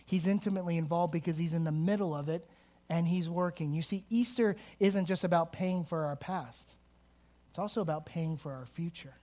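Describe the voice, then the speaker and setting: A man preaching a sermon to a congregation, swinging between emphatic rises and slow, quiet stresses. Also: fairly high pitch. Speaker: pastor. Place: church hall with a congregation.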